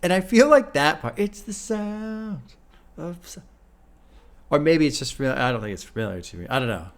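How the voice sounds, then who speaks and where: A man hosting a music reaction, talking casually and thinking out loud with restarts and trailing phrases, swearing now and then. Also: a little high, expressive, moderate pace. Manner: laid-back, swears casually. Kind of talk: casual first-listen commentary.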